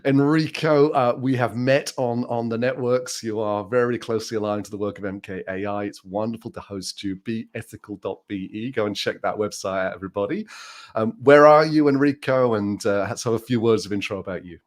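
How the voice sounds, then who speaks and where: A man's voice: fairly low pitch, fairly quick. A British man hosting a live online panel discussion over a video call, chatty and upbeat, laughing often. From United Kingdom. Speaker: host.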